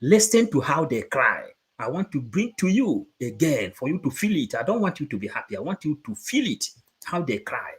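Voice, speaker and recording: A man's voice: medium pitch, sing-song, normal speed. A man preaching to supporters, emphatic and repetitive, moving between English and Igbo. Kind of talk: impassioned preaching.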